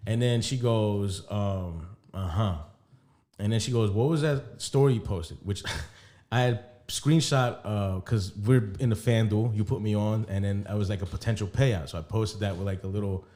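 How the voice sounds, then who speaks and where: A man's voice: on the low side, normal speed, mellow. A young adult man casually telling a long personal story on a podcast, acting out both sides of a conversation with lots of profanity and laughter. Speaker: podcast co-host.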